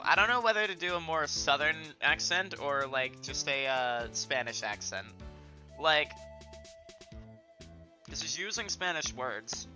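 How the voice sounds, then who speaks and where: A man casually commenting as he plays through a story game, a little self-conscious and full of fillers. His voice moves lively up and down, and game music plays behind him. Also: a little high, unhurried. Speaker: game streamer reading a visual novel aloud.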